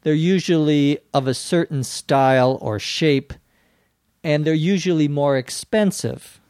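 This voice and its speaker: A man's voice: a little high, unhurried, darkish tone, smooth, dry recording, clean studio sound. A man with a Minnesota accent hosting an English lesson podcast, patiently explaining words and spelling them out. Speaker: English teacher and podcast host.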